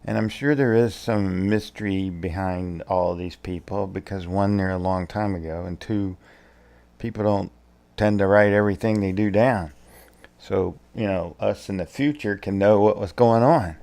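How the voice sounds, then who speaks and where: Deep gravelly man in his sixties. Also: normal speed, a little mellow. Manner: rambling, easygoing, thinking aloud. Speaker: tarot reader. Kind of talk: casual vlog.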